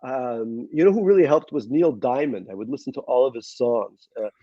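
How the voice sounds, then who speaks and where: A man's voice: mid-range voice, brisk, dark tone, no echo. A middle-aged man from Russia with a slight Queens accent, an author chatting in an interview in a self-deprecating way with many fillers. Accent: slight Queens New York. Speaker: author guest. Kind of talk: conversational interview. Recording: dull lo-fi sound.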